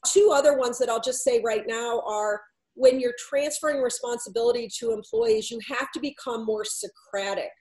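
A woman with a high, light voice tells a story from her consulting work. She relays the back-and-forth of a conversation, moving between her own lines and the other speakers'. It is unscripted storytelling talk from a middle-aged speaker. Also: lively intonation, normal speed, creaky, a little mellow, rough recording. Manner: recounts dialogue, shifting between herself and others. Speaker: workplace consultant.

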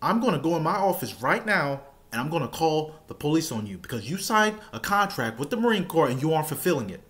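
A man voicing a bullying male Marine drill instructor who barks orders and swings from calm threats to screaming. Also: on the high side, quick pace, voice pushed up. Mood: menacing. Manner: shouts orders, switches from calm menace to screaming.

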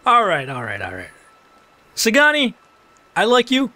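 Excitable, high-voiced man commenting on gameplay. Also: no room sound. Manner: excitable, swears casually, talks to the game. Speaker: let's play commentator.

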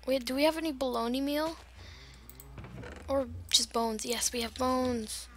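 Young woman, high voice, slow unhurried talk, gameplay chatter, silly rambling. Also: slight background noise. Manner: rambling, giggly, silly tangents. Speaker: gamer. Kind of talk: casual gameplay commentary.

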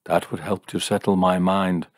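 A man's voice: sits low, flat delivery, moderate pace, dry recording, studio quality, close to an everyday voice. A man doing a grave, solemn fortune teller. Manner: grave, mournful intoning. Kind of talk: audiobook character voice.

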